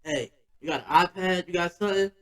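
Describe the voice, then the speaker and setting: A man's voice: high voice, fairly quick, poor audio. A man hosting a podcast, telling a personal story in a loose, slangy, conversational way. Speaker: podcast host.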